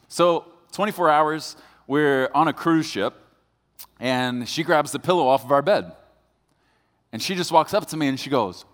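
A man's voice: medium pitch, a little slow. A man preaching a sermon as pastor, telling a story with jokes and building to serious points. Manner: storytelling, animated and joking. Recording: long hall reverb.

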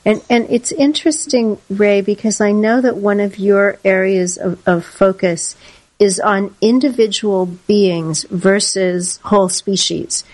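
A woman's voice: mid-range voice, steady tone, a little slow, darkish tone, rough recording. Earnest woman interviewer.

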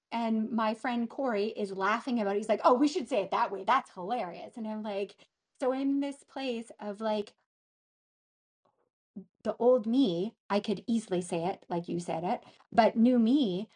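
A middle-aged woman talks as a guest in a casual interview. Her speech is halting, full of restarts and pauses as she searches for words, in a voice of ordinary middle pitch. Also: darkish tone. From northern Canada. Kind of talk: casual conversation.

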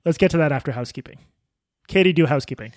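A man co-hosting a podcast in casual chat, speaking in a measured, dry and ironic way. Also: fairly high pitch, no room sound. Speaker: podcast co-host.

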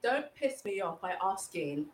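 A woman, a podcast guest, speaking slowly and emphatically and often laughing. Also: medium pitch, big pitch swings, echoey room. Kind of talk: casual podcast chat.

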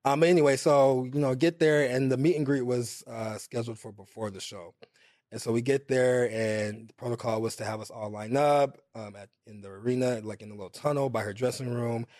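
A man's voice: mid-range voice, brisk, dry recording. Man telling a rambling story, dry sound. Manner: animated, rambling anecdotes with many fillers. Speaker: podcast guest. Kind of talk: casual storytelling chat.

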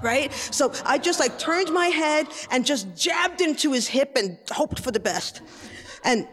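Animated woman telling a story in a hall. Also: sits high, normal speed. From the Bronx, New York City. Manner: chatty and animated, acting out family members in quotes. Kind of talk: personal storytelling before a live audience.

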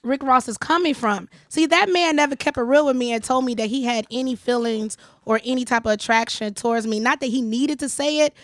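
A woman's voice: fairly high pitch, fairly quick, hardly any pauses, no echo, studio quality. A woman hosting a podcast, casually telling a personal story and acting out what others said. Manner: animated storytelling, acts out quoted lines. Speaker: podcast host. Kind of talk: casual chat.

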